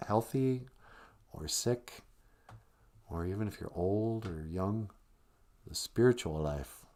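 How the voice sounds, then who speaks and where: A man's mellow, fairly low voice moves slowly yet expressively as he hosts a live stream, musing casually on emotions and spirit. His teaching style is wry and conversational, punctuated by jokes and comic voices.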